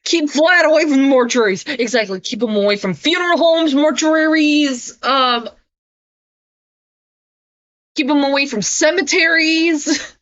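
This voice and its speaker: A woman's voice: high-pitched, lively intonation, unhurried, fairly bright tone, highs cut off. A woman streamer reacting to a video with blunt, sarcastic casual commentary and frequent swearing.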